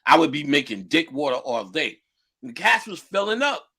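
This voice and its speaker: A man lecturing on spirituality who drifts into animated, profane storytelling and acts out the people he quotes. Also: a little high, moderate pace, husky. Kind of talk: casual storytelling talk.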